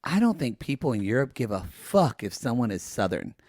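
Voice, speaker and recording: A man's voice: mid-range voice, big pitch swings, fairly quick, darkish tone, no room sound, studio quality. A man from California co-hosting a podcast, talking in blunt, sarcastic and sweary casual chat. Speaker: podcast co-host.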